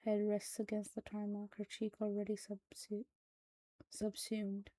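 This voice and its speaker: A woman narrating a creepy horror story in a hushed, soft-spoken way that drops into whispers. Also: medium pitch, monotone, measured pace, no room sound, low-quality recording. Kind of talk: scripted horror story reading.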